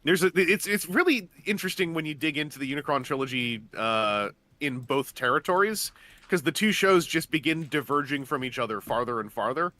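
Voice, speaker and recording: A man's voice: on the high side, expressive, fairly quick, pushed and bright. A man chatting casually on a gaming stream, explaining at length with lots of fillers and restarts. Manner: rambling, enthusiastic explainer, many fillers and restarts.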